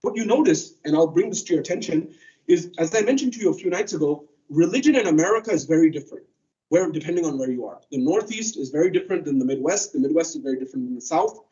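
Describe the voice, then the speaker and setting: A man's voice: a little high, expressive, fast talker, warm tone, recorded from a distance, highs cut off. Man giving a conversational sermon. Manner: conversational, storytelling with acted quotes. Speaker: speaker at a religious center. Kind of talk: Muharram sermon lecture.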